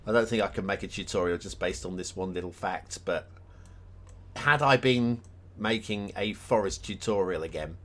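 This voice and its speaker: A man's voice: low voice, normal speed, a bit bright. A man chatting casually on a live stream as he reviews game maps, thinking aloud with plenty of ums and restarts and chuckling at himself. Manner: chuckles often, self-deprecating.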